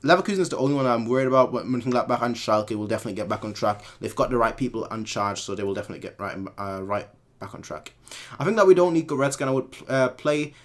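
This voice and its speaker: A man from Munich, Germany, hosts a fan channel livestream, racing through viewer comments in a rambling way with a medium-pitched voice. He repeats words as he corrects himself.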